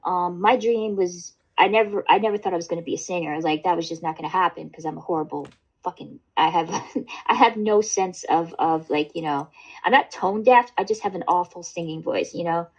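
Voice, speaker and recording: A woman's voice: on the low side, fairly quick, breathy edge, low-quality recording. A woman hosting a casual livestream chat, rambling and swearing, with lots of fillers and restarts. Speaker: livestream host.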